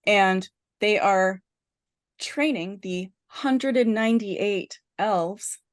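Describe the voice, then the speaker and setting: A woman's voice: medium pitch, extremely slow. A woman podcast host in casual chat, animatedly retelling a horror film's plot with lots of "like" and restarts. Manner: animated storyteller, heavy use of "like" and restarts.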